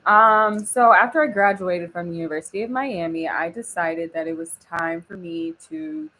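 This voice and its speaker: A woman's voice: fairly low pitch, lively intonation, moderate pace, pushed and bright, slight background noise, rough recording. Chatty young woman on a casual live stream. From Oklahoma. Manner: chatty, laughs often, reads chat aloud. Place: home studio.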